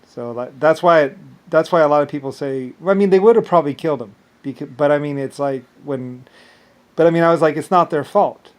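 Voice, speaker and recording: A man's voice: on the high side, fairly quick, a little mellow. A man talking in a rambling first-person monologue, full of filler words and stammering restarts. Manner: loose filler-heavy speech.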